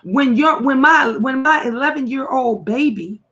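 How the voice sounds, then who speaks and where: A blunt, emphatic woman hosts a live talk stream in a slightly high voice. She answers viewer comments and often jumps up loudly, with plain swearing. The audio is dull and lo-fi. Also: unhurried. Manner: emphatic and blunt, swears, sudden loud rises. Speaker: talk show host reading viewer comments.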